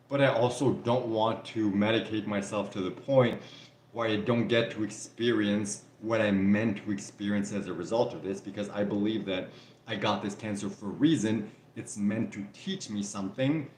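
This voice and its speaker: A man's voice: lowish voice, a little hiss or hum. Easygoing French Canadian man, echoey room. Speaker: livestream host answering viewer questions. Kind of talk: casual live Q&A chat.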